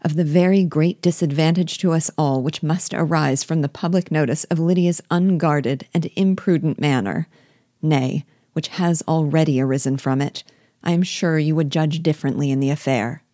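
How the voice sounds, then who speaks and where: A woman's voice: low voice, fairly even intonation, moderate pace, mellow, no echo, clean studio sound, close to an everyday voice. A woman reading the lines of an earnest, sensible young woman pleading with her father in an audiobook.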